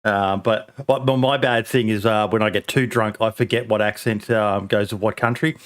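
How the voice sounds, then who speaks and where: A man's voice: lowish voice, fairly even intonation, normal speed. A man hosting a podcast, bantering casually and telling joking stories with plenty of swearing. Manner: joking storyteller. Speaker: podcast host.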